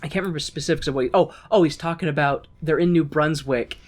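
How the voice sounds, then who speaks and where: A young man co-hosts a casual podcast, recapping a musical scene by scene. His voice sits a bit high for a man, and he talks in an animated way, laughs often and breaks into silly character voices. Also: fast talker. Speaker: podcast co-host.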